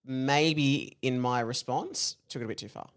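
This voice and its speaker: A man's voice: medium pitch, unhurried, clean tone. A man co-hosting a comedy podcast, chatting casually with jokey asides. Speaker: podcast co-host. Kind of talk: casual comedy chat, reading a parody novel aloud.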